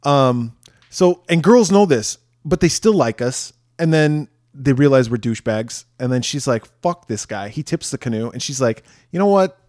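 A man's voice: medium pitch, normal speed, darkish tone, no room sound, clean studio sound. A man co-hosting a film podcast, retelling scenes casually, acting out characters, swearing and laughing often. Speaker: podcast co-host.

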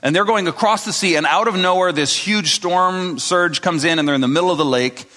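A man's voice: sits high, fairly quick, sharp tone. Pastor guy preaching a sermon, chatty storyteller, big echoey church hall. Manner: conversational storytelling, acting out quotes. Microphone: speaking to a live congregation. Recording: long reverb of a large hall.

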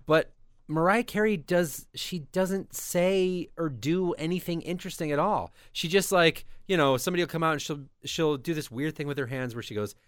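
A man co-hosting an entertainment podcast in casual chat, with a chatty, animated way of talking. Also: on the high side, moderate pace, no echo, clean studio sound. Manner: animated, chatty, mimics people with exaggerated voices. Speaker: podcast co-host.

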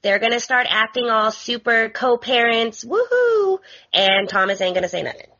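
A woman co-hosting a podcast in casual chat, animated and quick with exasperated asides. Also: on the high side, muffled recording. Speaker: guest co-host. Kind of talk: casual soap opera recap chat.

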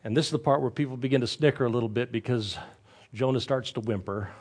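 A man preaching a sermon, telling the story in an animated, wry way. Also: mid-range voice, fast talker, breathy edge.

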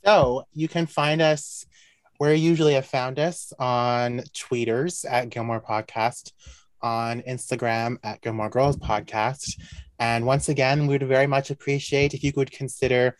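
A man's voice: medium pitch, fairly even intonation, a little slow, dry recording. A laid-back man from Canada co-hosts a casual podcast and laughs easily. His voice sits mid-range, recorded dry and close. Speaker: podcast co-host.

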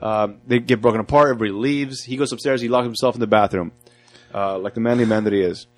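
A man's voice: mid-range voice, fairly even intonation, fast talker. A man hosting a casual podcast chat, talking in a loose, rambling way and often correcting himself. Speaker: podcast host.

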